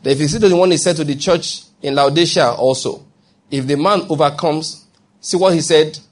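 A male pastor delivers a lively sermon in a fairly high, husky voice. He swings between emphatic preaching and playful acted-out voices, often asking the congregation whether they follow. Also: a little fast. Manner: animated preaching, acting out quoted voices, checking in with the congregation.

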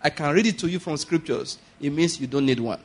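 Man, pastor, sermon, husky voice, fairly high pitch, quiet asides and loud bursts. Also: brisk. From Nigeria. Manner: preaching with sudden rises to loud, high emphasis and laughter.

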